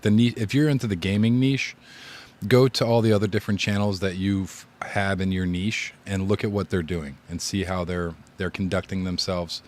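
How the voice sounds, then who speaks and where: A man who streams games, giving casual advice in a rambling, laid-back way and often repeating his words. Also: deep voice. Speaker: gaming streamer.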